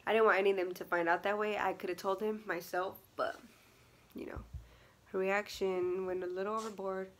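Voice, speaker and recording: A woman's voice: medium pitch, flat delivery, brisk. Young woman rambling through a storytime vlog, lots of likes and you knows, bit of hiss behind. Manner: chatty, many fillers and laughs, acts out quotes. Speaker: vlogger.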